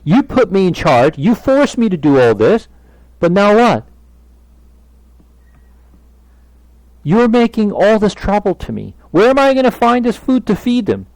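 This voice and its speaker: A man's voice: fairly high pitch, expressive, moderate pace, vocal fry, few pauses, dark tone, dry recording, pitched above the performer's own voice, rough recording. A man voicing an exasperated male prophet who complains to God with indignant, pleading questions.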